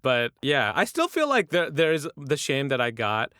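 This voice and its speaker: A man's voice: medium pitch, wildly swooping pitch, normal speed, bright, forceful tone, clean tone, no echo, studio quality. A young man from Michigan, a podcast guest talking casually, telling stories with lots of fillers and restarts. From Michigan, USA. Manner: chatty, filler-heavy storytelling with many restarts. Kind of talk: casual interview chat.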